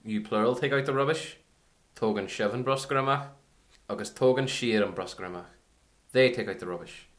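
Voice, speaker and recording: A man's voice: mid-range voice, fairly quick, a bit bright. Man reading a careful language lesson. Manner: clear, careful repetition for learners. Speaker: language teacher.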